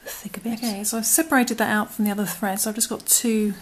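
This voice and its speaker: A woman's voice: medium pitch, fairly even intonation, fast talker, slight background noise. A British woman hosting a crochet tutorial, talking casually through each step and sometimes dropping to a murmur as she works. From United Kingdom. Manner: chatty, often trailing into murmurs and whispers while working.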